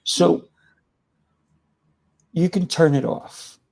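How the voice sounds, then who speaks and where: A man hosting an interview, mostly giving short reactions and asking unhurried questions. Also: on the high side, fairly even intonation, vocal fry, a little mellow. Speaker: interview host.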